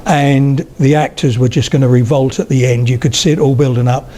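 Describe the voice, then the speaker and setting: Speaking quickly in a steady, mellow mid-range voice, an older male lecturer on spoken English tells chatty anecdotes to roughly eighty people at a live public talk and checks in with them now and then. A little hiss or hum sits under the recording.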